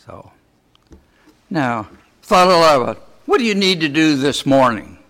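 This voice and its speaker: A man preaching a sermon, asking his listeners many rhetorical questions in a slow, deliberate way. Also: a little high, sing-song, fairly bright tone.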